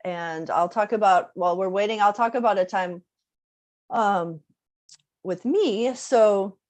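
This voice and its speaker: A woman's voice: medium pitch, a little slow, a little mellow. A woman music teacher giving a casual workshop talk, conversational, with many fillers and tag questions. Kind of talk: casual online presentation.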